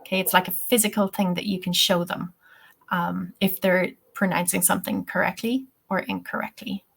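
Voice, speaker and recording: A woman's voice: fairly low pitch, steady tone, normal speed, vocal fry, a bit bright, husky. A woman teaching English-teacher trainees in a webinar, explaining patiently step by step and often saying "okay" and "um". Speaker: TEFL trainer.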